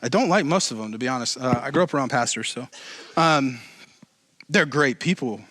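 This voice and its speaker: A man's voice: mid-range voice, expressive, brisk, fairly bright tone, no echo, studio quality. A man pastor giving a conversational sermon, mixing joking asides with emphatic preaching.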